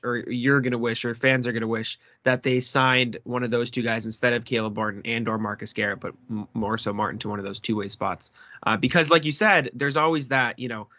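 Bright-voiced man eagerly talking basketball. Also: mid-range voice, no room sound. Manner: eager, stammering restarts. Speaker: basketball podcast co-host. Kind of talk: casual sports discussion.

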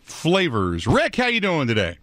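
A man hosting sports talk radio, speaking in a casual, conversational and somewhat halting way. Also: mid-range voice, lively intonation, fairly bright tone, dry recording.

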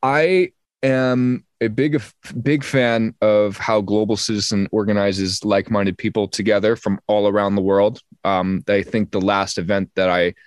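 Young male musician guest, low voice, dry close sound, rambling with stammered restarts. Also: fairly even intonation, a little slow, clear, resonant tone, no echo. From New Jersey. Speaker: singer-songwriter guest. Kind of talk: casual interview chat.

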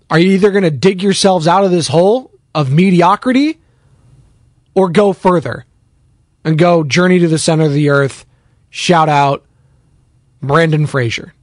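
A man's voice: fairly high pitch, no room sound. Sarcastic sports radio man, dry studio. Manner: sarcastic, rambling, with tangents. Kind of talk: opinionated sports talk monologue.

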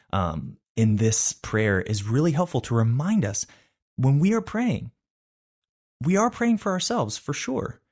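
A man hosting a devotional Bible study, talking in an earnest, reflective and conversational way. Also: on the low side.

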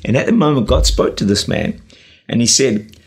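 Recorded on camera mid-sermon, this pastor and radio preacher urges his listeners on earnestly, leaning often on "uh" and "you know." His mid-range voice swings widely in pitch at a normal speed, with vocal fry and a breathy edge.

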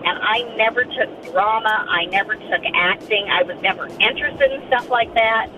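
A woman's voice: medium pitch, moderate pace, far from the mic, noisy background. A woman guest who acts in murder mystery dinners, telling her story plainly in a casual chat. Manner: storytelling, straightforward.

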